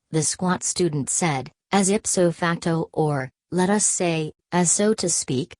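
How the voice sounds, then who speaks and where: A woman with a notably low voice reads a novel aloud, steady and measured, carrying the characters' lines without much change of voice. The sound is dry and close, with no room around it. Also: no room sound. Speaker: audiobook narrator. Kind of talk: scripted narration.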